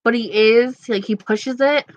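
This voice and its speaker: A woman's voice: a little high, unhurried, no echo, highs cut off. A woman casually chatting with her viewers, playful and gossipy, laughing often. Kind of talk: casual chat reading live comments.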